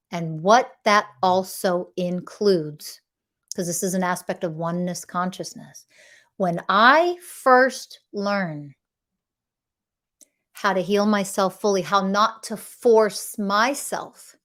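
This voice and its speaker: A middle-aged woman delivering an impassioned, confrontational monologue as a podcast host, swearing freely. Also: medium pitch. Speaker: podcast host, emotional health coach.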